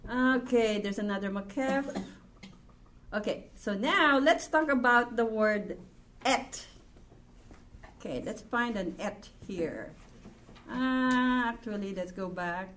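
Slow-speaking woman teaching a lesson. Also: a little high, fairly bright tone. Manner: slow, patient, explains step by step. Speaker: Hebrew teacher. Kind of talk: classroom lesson.

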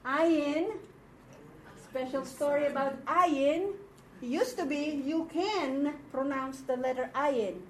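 Speaking slowly in a high voice, a Filipina Hebrew teacher patiently explains a classroom lesson and checks on her students. There's slight background noise, and the mic sits far off in an echoey room.

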